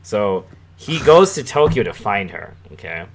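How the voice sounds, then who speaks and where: A young man talks in a somewhat low voice, hosting a casual podcast chat. He rambles freely, swears often and chuckles as he goes. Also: sing-song, measured pace, slight background noise. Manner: rambling, profane, chuckling storyteller. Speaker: podcast host.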